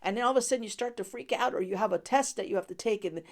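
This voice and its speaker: Gravelly-voiced woman hosting a devotional podcast. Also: mid-range voice, racing. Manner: conversational, with fillers and frequent laughter. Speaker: podcast host and Bible teacher.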